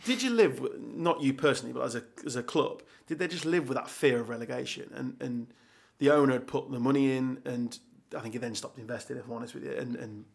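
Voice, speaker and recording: Guy hosting a podcast, talks fast, gravelly, jokey stories. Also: medium pitch. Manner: fast anecdotal banter. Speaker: podcast host. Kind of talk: casual podcast chat.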